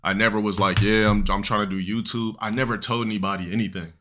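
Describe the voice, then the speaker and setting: A man's voice: fairly low pitch, little pitch movement, quick pace, fairly bright tone, slight background noise. A young man streaming live, telling a long, rambling, profane story to his chat with many restarts and fillers.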